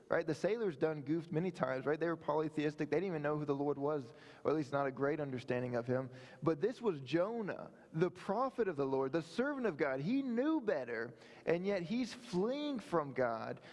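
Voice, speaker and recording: A man's voice: on the high side, animated, moderate pace, a little mellow, big-room sound. A pastor preaching a sermon in a conversational way, often checking in with his listeners. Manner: conversational preaching with frequent "right?" asides. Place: church sanctuary.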